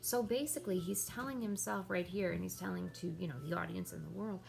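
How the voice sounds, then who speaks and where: Woman teacher, gravelly voice, explanatory lesson, keeps checking in with students. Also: lowish voice, quick pace, darkish tone. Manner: explanatory, with checking questions like "right?" and "okay?".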